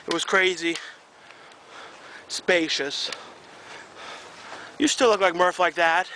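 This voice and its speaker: A young man with a hoarse voice, chatting and joking to camera in a casual vlog, recorded on a camcorder. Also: high voice, takes it slowly, sharp tone, rough recording. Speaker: vlogger. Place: outdoors in woods, then indoors at home. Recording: faint background noise.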